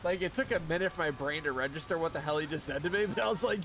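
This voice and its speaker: A man's voice: fairly high pitch, rapid-fire, fairly bright tone, a little hiss or hum. A young man streaming live, chatting casually in a rambling, profane way and laughing often. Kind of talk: casual chat while streaming a game.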